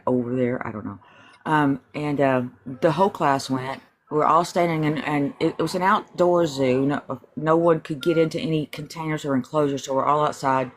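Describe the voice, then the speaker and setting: An adult telling a personal story in a casual group chat, animated and acting out quoted lines. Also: medium pitch, slight background noise.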